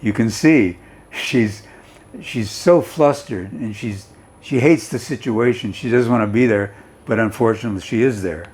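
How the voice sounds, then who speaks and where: A man's voice: fairly low pitch, moderate pace, darkish tone. A male teacher explaining a story and its vocabulary in an English lesson, reading aloud and often checking in with "okay?".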